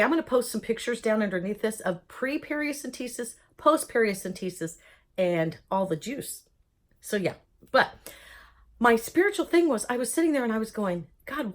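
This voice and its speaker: Woman, animated storyteller, bouncy pitch, slightly high, jokes and acts out voices as she talks. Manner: lively, jokey, acts out voices in quotes. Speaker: vlogger telling her own story.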